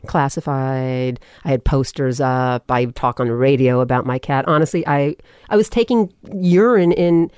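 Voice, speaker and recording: A woman from California, guesting on a podcast, tells a personal story in casual talk, animatedly quoting people in their voices. Her extremely low voice is smooth and at normal speed, recorded in studio quality with no room sound.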